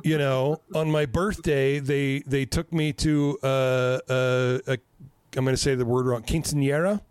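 A man in his fifties chatting casually on a podcast, telling stories in a profane, animated way and laughing at himself. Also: medium pitch, unhurried, clean tone, no echo. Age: 50s. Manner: profane, animated storytelling with self-mocking laughs. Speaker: podcast host.

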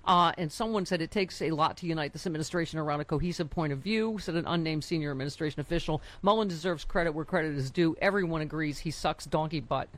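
A podcast host in casual chat, animated, laughing often and jumping between thoughts. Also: mid-range voice, fast, few pauses, slight background noise.

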